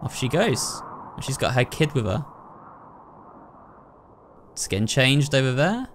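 A man's voice: mid-range voice, sing-song, unhurried, fairly bright tone, a little hiss or hum. Chatty man narrating a horror game. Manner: chatty, thinks aloud, talks to viewers. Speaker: gaming YouTuber. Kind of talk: horror game playthrough commentary. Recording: clear game ambience behind the voice. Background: horror game sounds.

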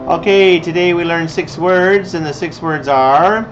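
A male teacher giving a playful children's vocabulary lesson, speaking slowly and clearly and repeating words for the kids. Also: on the high side. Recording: dull lo-fi recording with music.

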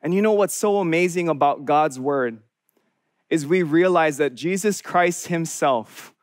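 A man's voice: a little high, measured pace, no echo, clean studio sound. A young man preaching as a college pastor, earnest and conversational, with frequent restarts. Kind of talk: sermon.

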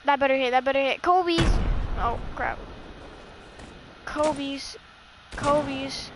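Young woman, high voice, excitable, swearing and laughing, casual gaming chat, faint background noise. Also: takes it slowly. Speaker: gamer playing with a friend.

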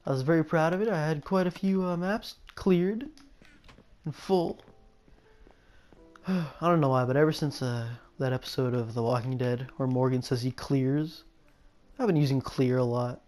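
With a mid-range, darkish voice at normal speed, a young man offers casual gameplay commentary as a video host. He rambles, muses aloud, and keeps interrupting himself to restart sentences.

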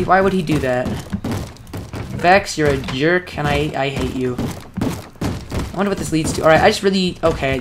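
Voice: mid-range voice, heavy background noise. Exasperated young gameplay commentator. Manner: self-critical, exasperated talk to self. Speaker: let's play creator.

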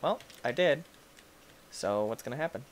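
A man giving goofy, excitable commentary over his gameplay, laughing and yelling at the game. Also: medium pitch, normal speed. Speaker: gaming YouTuber. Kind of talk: let's play commentary.

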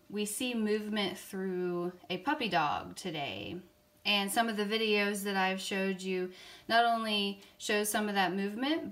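A woman teaching an online art lesson for young children, explaining slowly and patiently. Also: mid-range voice, fairly bright tone.

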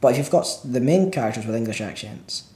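A man's voice: medium pitch, expressive, fast talker, dark tone. A man co-hosting a casual film chat, opinionated and steering the talk with questions. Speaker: film club co-host. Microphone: single microphone in front of a camera. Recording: roomy echo.

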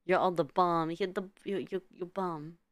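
A woman's voice: fairly low pitch, fairly even intonation, normal speed, no echo. A woman streamer chatting casually with her viewers, giggling often and stumbling over repeated words.

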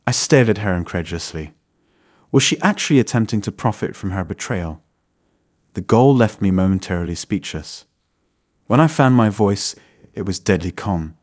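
Brief: male narrator, lowish voice, measured dramatic storytelling. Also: animated. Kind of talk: scripted first-person story narration.

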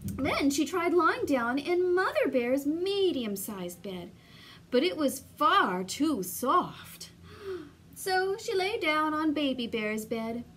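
A woman reading a children's story aloud in a slow, sing-song, expressive way, doing the voices. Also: high-pitched, a little hiss or hum. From Canada.

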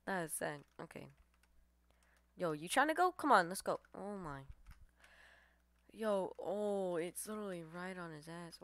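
A woman calls out her match as she plays, excitable and foul-mouthed, her pitch leaping all over the place. She trash-talks opponents between groans. The sound is close and dry, with no room around it. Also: no echo. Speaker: gamer streamer. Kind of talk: live gameplay commentary.

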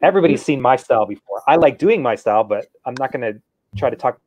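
Brief: male guest artist, self-effacing, mid pitch, dry close recording. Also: animated, fast talker, a little mellow, dry recording, poor audio. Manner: modest, rambling, self-effacing. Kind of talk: casual chat.

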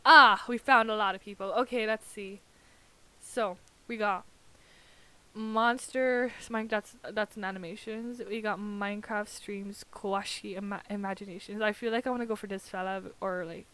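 A young woman streaming live, chatting casually and gushing excitably over another streamer. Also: medium pitch, normal speed.

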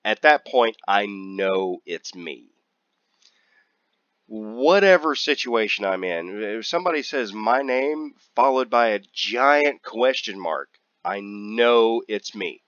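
Guy rambling jokey over a game, real slow, kinda dull muffled audio. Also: lowish voice, lively intonation, fairly bright tone, no room sound. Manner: joking, rambling, drags out and repeats words. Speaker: gaming channel host. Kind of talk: casual gameplay commentary.

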